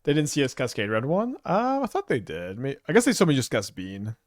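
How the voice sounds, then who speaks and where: This man, a gameplay commentator with a Canadian accent, speaks a little fast at medium pitch, his intonation swooping wildly. His commentary is casual and rambling, full of thinking aloud and hesitant restarts.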